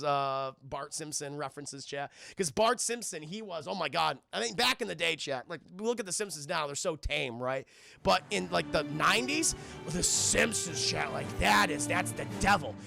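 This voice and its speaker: Gravelly, high-voiced streamer recapping a film. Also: male voice, normal speed, pushed and bright, dry recording, clean studio sound, faint music behind. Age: young adult. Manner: rambling, profane, keeps addressing chat. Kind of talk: casual live-stream recap.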